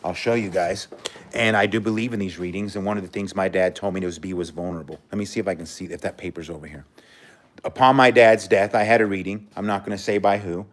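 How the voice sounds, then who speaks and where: A man's voice: low voice, steady tone, fast talker. A man hosting a casual livestream, reading out viewer comments and talking bluntly and candidly, cursing freely and speaking with emotion. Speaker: livestream host.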